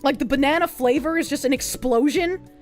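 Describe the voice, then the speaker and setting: High-pitched young streamer girl rambling and cussing, all excited, faint music behind. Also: brisk. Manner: rambling, excitable, swears a lot. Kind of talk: casual chat.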